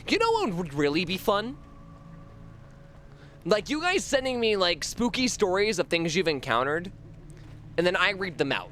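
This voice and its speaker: A man's voice: high-pitched, big pitch swings, moderate pace, pauses often, bright, forceful tone, a little hiss or hum. A man streaming a horror game, rambling and joking with his chat, swearing freely and sometimes chanting words over and over. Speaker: livestreamer. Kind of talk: casual gameplay commentary.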